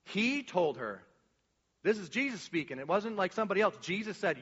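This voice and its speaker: Man, pastor, casual animated sermon, high voice, dull sound. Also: brisk, slightly rough, big-room sound. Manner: casual, animated preaching with slang and restarts.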